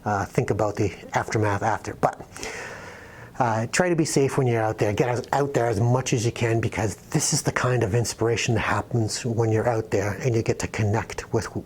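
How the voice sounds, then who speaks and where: A man's voice: on the low side, a little fast, a little hiss or hum. A man telling a rambling, self-deprecating story as host of his painting channel. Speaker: wildlife painter telling an anecdote. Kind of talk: casual storytelling.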